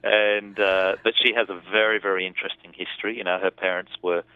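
Deep-voiced man on a phone line. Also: flat delivery, a little fast, clear, resonant tone, no room sound. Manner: thoughtful, rambling with restarts. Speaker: film director. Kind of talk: casual interview talk.

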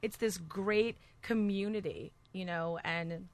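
A woman's voice: medium pitch, slow. A middle-aged woman from New Jersey with a Jersey accent, chatting as a guest and telling stories with animation. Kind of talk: casual chat.

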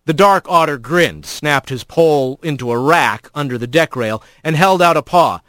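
A man reading a storybook aloud as narrator, in an expressive, animated way. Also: medium pitch, normal speed, hardly any pauses, no room sound.

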